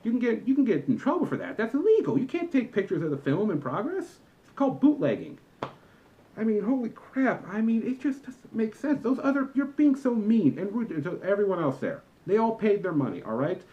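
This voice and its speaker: Exasperated young man ranting, lively pitch. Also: a little fast, highs cut off. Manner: exasperated, lecturing, emphatic. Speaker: vlogger, former movie theater employee. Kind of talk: comedic rant to camera.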